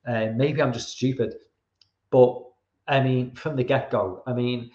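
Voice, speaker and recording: A man's voice: medium pitch, steady tone, darkish tone. A British man chatting loosely about films on his own show. He rambles and stumbles over his words and drops the odd swear word. The sound is roomy and a little dull, like a home setup. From Britain. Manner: rambling, halting, swears casually. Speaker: podcast host. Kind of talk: casual rambling film review.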